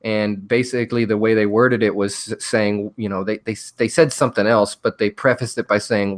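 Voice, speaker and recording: A man's voice: lowish voice, fairly even intonation, normal speed, few pauses. A man hosting a casual podcast chat, steadily going through a list of picks. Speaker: podcast host.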